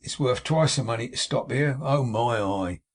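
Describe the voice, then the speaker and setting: A man with a gravelly, husky voice playing a cynical, worldly old doorkeeper in an audiobook reading. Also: mid-range voice, moderate pace, natural voice. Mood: gleeful.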